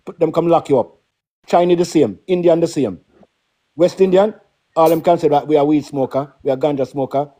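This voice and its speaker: Fast-talking Caribbean man, mellow voice. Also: fairly high pitch. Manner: emphatic, keeps asking "yeah?" and "right?". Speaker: guest. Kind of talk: casual live-stream chat.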